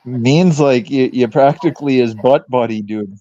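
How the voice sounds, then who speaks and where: A man's voice: medium pitch, normal speed, dark tone, no echo, highs cut off. A man co-hosting a live podcast, needling a guest in a profane, casual way.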